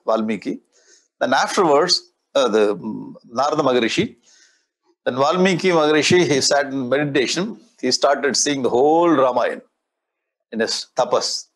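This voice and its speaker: A man's voice: medium pitch, expressive, moderate pace. A man with a Tamil-influenced Indian English accent gives a spiritual discourse as a swami, explaining Sanskrit verses line by line with playful mimicry.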